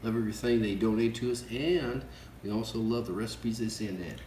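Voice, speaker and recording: A man's voice: on the low side, brisk, darkish tone. A man co-hosting a casual cooking show, folksy and chuckling, enthusiastic about the food, in an echoey room with background noise. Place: workshop.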